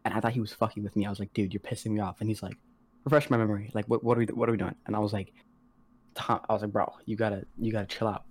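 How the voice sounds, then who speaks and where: A teenage boy with a lowish voice, rambling casually through a story with plenty of slang and cursing. He keeps slipping into quick impressions of the people he describes, in a loose, unpolished podcast style. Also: fairly even intonation, darkish tone. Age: teens. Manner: slangy, rambling, heavy on "like" and swearing; acts out quoted voices of others. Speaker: podcast co-host.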